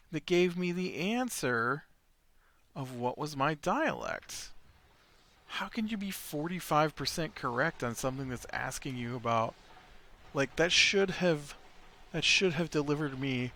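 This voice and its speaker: A man's voice: on the high side, animated, a little slow, fairly bright tone. An American man giving casual gameplay commentary, thinking aloud and rambling with lots of fillers. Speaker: let's play host.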